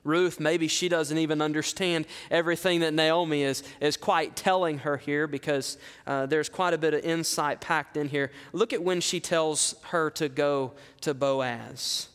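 A man pastor preaching a sermon, animated, firing rhetorical questions at the congregation in a church sanctuary. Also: on the high side, measured pace, hardly any pauses, clean tone. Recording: long reverb from a large hall.

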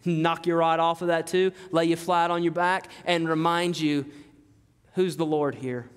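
High-voiced preacher in a reverberant hall. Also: male voice, steady tone, measured pace, clear, resonant tone. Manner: emphatic, repetitive preaching with rhetorical questions. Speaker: pastor. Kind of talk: sermon.

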